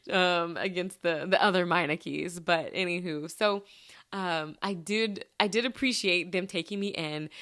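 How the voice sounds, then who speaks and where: A woman's voice: fairly low pitch, bright, forceful tone. A woman podcast host, telling stories in a chatty, casual way with lots of fillers. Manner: chatty storytelling with many fillers. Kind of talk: casual chat.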